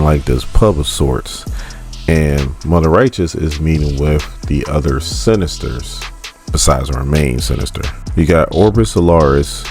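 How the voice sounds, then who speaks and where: A man's voice: very deep voice, a little mellow. A man casually recapping a comic book story, chatty and laughing often as he loosely retells the characters' lines.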